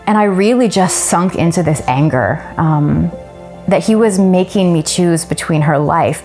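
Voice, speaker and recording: A woman's voice: lowish voice, darkish tone. A woman, telling a personal testimony in an earnest, emotional way. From Canada. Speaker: church member giving a testimony.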